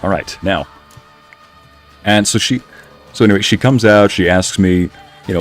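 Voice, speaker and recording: A man's voice: sits low, moderate pace, faint music behind. A man streaming a game, telling a long rambling story with frequent laughs while muttering at the game. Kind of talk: casual chat while playing a game.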